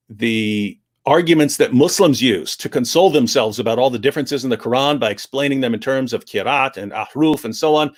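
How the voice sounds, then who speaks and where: A man giving an animated explanation on a livestream discussion, restarting sentences often and acting out quoted speech. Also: medium pitch. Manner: frequent restarts, acts out quotes.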